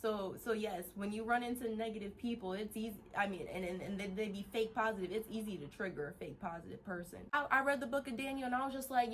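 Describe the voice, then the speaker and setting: A woman vlogger giving a casual motivational rant, animated, laughing often and swearing freely as she rambles with restarts. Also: mid-range voice, fast, hardly any pauses, a little hiss or hum.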